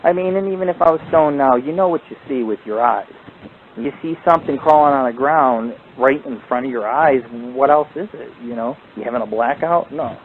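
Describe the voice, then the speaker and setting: A man's voice: mid-range voice, fairly quick. Profane rambling man on a tinny line. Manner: rambling, profane, animated storytelling. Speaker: paranormal radio show host. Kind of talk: casual storytelling chat. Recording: tinny phone-like line with faint hiss.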